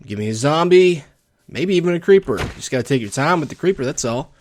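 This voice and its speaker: A man's voice: on the high side, lively intonation, fast talker, darkish tone. Chatty young Texan man gaming. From Texas. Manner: rambling, wry and chatty. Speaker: let's play gamer. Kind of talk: casual gameplay commentary.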